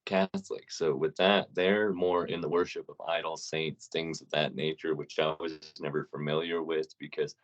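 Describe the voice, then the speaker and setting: A man's voice: extremely low pitch, level tone, normal speed, few pauses. A man co-hosting a casual podcast, telling stories in a loose way with plenty of swearing. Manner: loose, profane storytelling. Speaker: podcast co-host. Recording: dull lo-fi audio.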